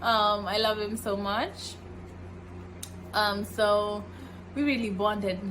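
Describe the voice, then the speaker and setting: A young woman from Kenya telling a casual story while cooking at home, animated and acting out the people she quotes. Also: mid-range voice, slow, noisy background. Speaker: vlogger. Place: home kitchen.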